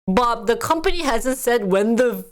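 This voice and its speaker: A woman's voice: fairly high pitch, animated, unhurried. A woman streaming live, chatting casually with her viewers, reacting to news items with frequent laughter.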